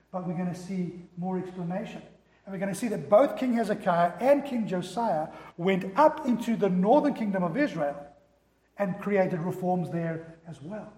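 A male pastor preaching a sermon with animated storytelling. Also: high voice, echoey room, long reverb tail.

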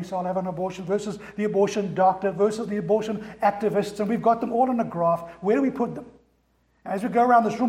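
High-voiced preacher in an echoey hall. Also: male voice, a little mellow. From America. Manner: rhetorical questions, emphatic repetition. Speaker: pastor. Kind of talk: sermon.

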